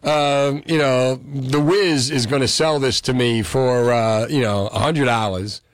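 A man's voice: mid-range voice, a little slow, no echo. A man hosting a call-in radio show, chatting and joking with listeners. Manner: lively, animated, joking with callers. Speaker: radio host.

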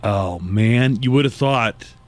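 A man's voice: mid-range voice, slow. A man hosting a morning radio show, chatting wryly with co-hosts and reading an ad. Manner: wry, chatty, reads ad copy. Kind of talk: casual radio talk.

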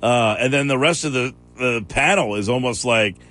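A man's voice: mid-range voice, moderate pace, fairly bright tone, soft background music. A man hosting a sports radio show, chatting casually with a co-host and laughing often.

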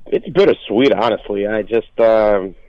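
A man from Russia, a former player, telling a lively story as a guest on a sports radio podcast. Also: lowish voice, measured pace, dry recording. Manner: animated anecdote with acted quotes. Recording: dry, dull lo-fi call audio.

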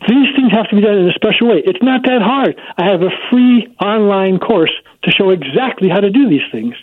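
A man's voice: high voice, animated, brisk, breathy edge, no room sound. A man speaking as a child psychology expert guest, explaining his points emphatically in an interview. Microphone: phone. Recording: dry tinny phone line.

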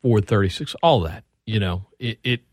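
A man's voice: lowish voice, lively intonation, normal speed, dry recording, studio quality. A man co-hosting a sports talk radio show, chatting casually and setting up topics.

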